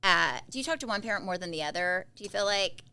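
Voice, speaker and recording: Bright, lively woman telling stories. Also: medium pitch, fast talker, gravelly, smooth. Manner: animated storyteller who acts out quoted family members. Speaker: podcast co-host. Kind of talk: casual chat.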